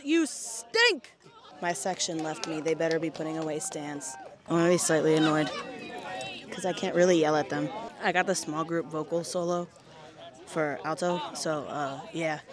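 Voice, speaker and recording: A woman's voice: low-pitched, little pitch movement, moderate pace, crowd noise. A young woman hosting a podcast, chatting and teasing her way through casual interviews outdoors at band camp. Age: young adult. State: slightly out of breath. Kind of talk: casual chat, roving interviews.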